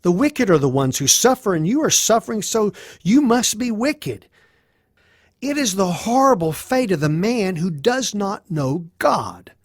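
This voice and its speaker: A man's voice: high voice, sing-song, measured pace, dry recording, studio quality, voice pushed up, exaggerated voice. A man voicing a harsh, judgmental friend who scolds and moralizes. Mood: scolding.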